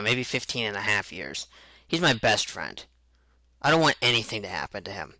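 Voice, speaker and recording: A man's voice: mid-range voice, bright, forceful tone, dry recording, rough recording. A young man telling a personal story in a rambling way, with halts and restarts. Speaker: vlogger recounting a truck accident.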